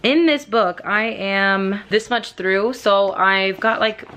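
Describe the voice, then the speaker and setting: A woman's voice: mid-range voice, slow, a bit bright, slight background noise. A woman book vlogger chatting casually and rambling, with lots of "like" fillers.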